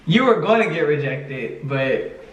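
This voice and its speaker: A man's voice: a little high, measured pace, lo-fi sound. A man telling a story in casual chat, acting out the other people's lines and laughing often. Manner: animated, acts out quoted dialogue, laughs often. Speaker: podcast co-host telling a story. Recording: echoey room from a distance.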